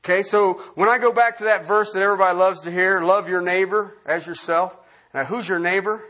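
A man's voice: high voice, steady tone, brisk, pushed and bright. A man preaching a sermon as pastor, emphatic and quizzing the congregation with questions.

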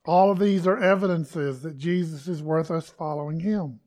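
A man's voice: on the high side, fairly even intonation, normal speed, darkish tone. A man preaching a conversational sermon to his congregation, acting out quoted lines with emphasis. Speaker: pastor.

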